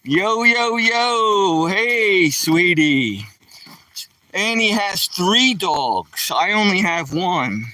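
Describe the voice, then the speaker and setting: A man's voice: high voice, pushed and bright, distant mic. An older retired man with a Philadelphia accent, chatting casually with viewers on a night-time live stream while walking his dog outdoors, greeting them with a playful "yo, yo, yo.".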